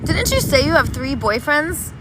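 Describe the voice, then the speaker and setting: High, lively woman streaming outdoors. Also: moderate pace. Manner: playful, doting and sing-song. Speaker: livestreamer reading chat. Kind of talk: casual livestream chat. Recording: noisy outdoor street recording. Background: traffic noise.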